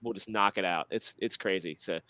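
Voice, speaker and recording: Chatty podcast co-host, male, bright crisp tone, dry close sound, rambling. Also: sits low, fairly quick, no room sound. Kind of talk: casual chat.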